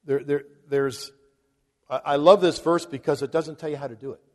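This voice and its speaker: A man's voice: fairly high pitch, fairly even intonation, normal speed, darkish tone. A man preaching a conversational sermon to a large congregation, chuckling now and then between points. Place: large hall before a congregation. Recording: long hall reverb.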